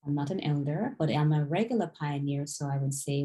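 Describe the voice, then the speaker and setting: Woman, online tutor, slow careful modelling, low-pitched, video call. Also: mellow. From Jamaica. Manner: patient, slow, exaggerated pronunciation modelling. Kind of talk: one-on-one language lesson.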